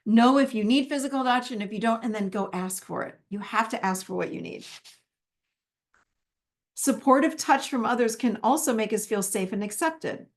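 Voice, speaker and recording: A woman's voice: on the high side, lively intonation, normal speed. A woman teaching a live masterclass in a conversational way, acting out the little inner dialogues she has with herself. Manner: warm, conversational, acts out her own inner dialogue.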